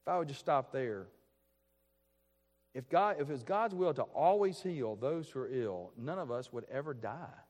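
A man preaching a sermon, earnest and measured, asking rhetorical questions and restarting phrases as he works through a passage. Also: mid-range voice, expressive, darkish tone. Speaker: pastor. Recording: long hall reverb.

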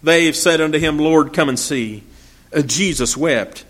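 A man delivers a sermon in a high voice. He talks in a folksy way, piles up rhetorical questions, and reads scripture aloud in old-fashioned English. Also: normal speed, a bit bright. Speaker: preacher.

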